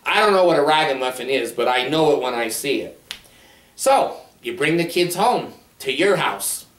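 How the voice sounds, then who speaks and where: A man's voice: mid-range voice, lively intonation, normal speed, fairly bright tone. A man counselor talking to camera in a casual monologue, blunt, sardonic and rambling. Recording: roomy sound from a distant mic.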